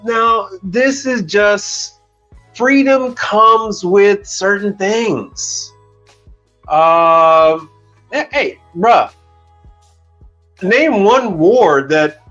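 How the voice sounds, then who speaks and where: A man from Chicago rants bluntly on his live stream, swearing freely and snapping back at comments from his chat. His voice sits a little high. The stream audio is dull and lo-fi, with faint music underneath. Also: fairly bright tone. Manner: blunt, profane, ranting. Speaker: commercial kitchen equipment technician and live streamer.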